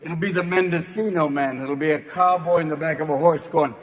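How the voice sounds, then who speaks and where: A man doing stand-up comedy on a theater stage into a handheld mic, manic and shouting, jumping between quick character voices. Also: fairly high pitch. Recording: big hall, loud crowd laughing.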